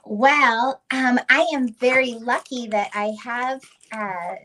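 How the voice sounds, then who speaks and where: A woman's voice: on the high side, fairly bright tone, rough recording. A woman guest on a livestream, chatting casually with short agreeing replies. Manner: unhurried, brief agreeing replies.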